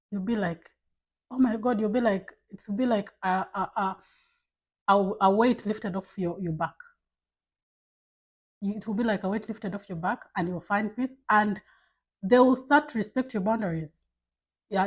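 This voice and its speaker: A woman talks straight to her camera in a casual vlog, candid and emphatic as she shares advice. Her voice has a husky, breathy grain, and her pitch sits in the middle range. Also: darkish tone, rough recording. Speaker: vlogger. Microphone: camera mic.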